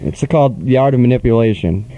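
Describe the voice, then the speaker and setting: A man's voice: mid-range voice, quick pace, mellow, poor audio. A man hosting a college radio show, teasing his guest in a sarcastic, mock-rude way. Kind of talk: casual late-night radio banter. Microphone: studio microphone.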